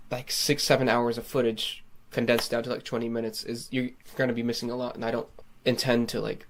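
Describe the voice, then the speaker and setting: A man's voice: medium pitch, slight background noise. A man vlogging casually from his home recording studio, talking loosely with lots of "like" and free swearing. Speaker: singer-songwriter vlogger.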